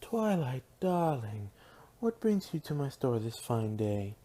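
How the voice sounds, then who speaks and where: A man voicing a prim, theatrical unicorn mare who runs a dress shop, gushing and shrill. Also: sing-song, takes it slowly, warm tone.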